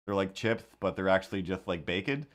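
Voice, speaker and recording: Wry, rambling low-voiced man. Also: expressive, a little fast. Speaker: cartoonist streamer. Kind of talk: casual chat while drawing.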